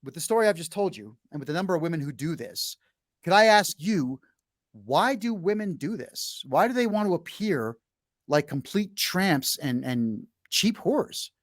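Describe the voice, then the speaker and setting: A man's voice: fairly high pitch, very animated, moderate pace, dry recording, clean studio sound. A brash middle-aged man hosting a podcast, telling a long story bluntly in casual chat. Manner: frequent restarts and fillers while telling a story. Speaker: podcast host.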